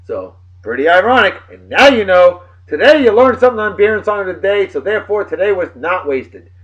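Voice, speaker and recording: A man from New of the region, hosting a casual video blog with boisterous, jokey shout-outs. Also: high-pitched, very animated, a little fast, lo-fi sound. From New England.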